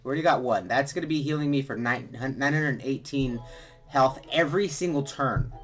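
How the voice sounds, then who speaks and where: A man hosting a gaming video, casually walking through a game strategy in a relaxed, rambling way with lots of fillers and restarts. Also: mid-range voice, moderate pace, soft background music. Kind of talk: casual game walkthrough commentary.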